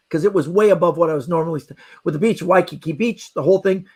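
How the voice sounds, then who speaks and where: A middle-aged man, a magician guest on a podcast, telling a travel story in a lively way and acting out the people in it. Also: high-pitched, racing, husky. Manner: lively anecdotal telling with acted-out quotes. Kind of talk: animated storytelling.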